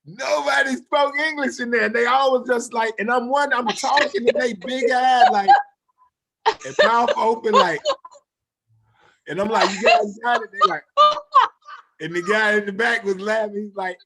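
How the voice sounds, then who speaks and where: A man's voice: very high voice, measured pace, vocal fry, a little hiss or hum. A man, a former football player and coach, telling stories in a casual chat and acting out the dialogue as he goes. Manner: animated storyteller acting out quoted dialogue.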